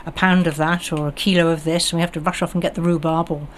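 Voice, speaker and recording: A woman's voice: fairly low pitch, level tone, quick pace, slight background noise. An older woman from the West Country with a received pronunciation accent, a guest on local radio talking chattily with many ums. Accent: southern English, received pronunciation. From West Country of England. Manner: chatty, hesitant with ums and restarts. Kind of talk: casual radio chat.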